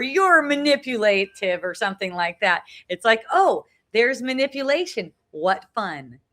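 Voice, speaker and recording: Speaking in a medium-pitched voice with a sharp tone, a middle-aged woman who hosts spiritual talks reflects earnestly on her life during a phone live stream at the beach. She's casual, circles back to the same phrases and ends many lines with "right?".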